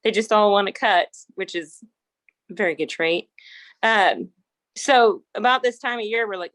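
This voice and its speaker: A woman's voice: mid-range voice, normal speed, fairly bright tone, no echo. Woman, horse trainer, casual interview, rambling restarts, frequent laughs, dry close sound.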